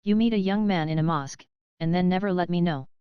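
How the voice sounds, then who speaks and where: A woman's voice: fairly low pitch, fast talker, smooth, no room sound, highs cut off, close to an everyday voice. A woman reading the part of an earnest, persistent young Englishwoman in an audiobook. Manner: eager, persistent questioning.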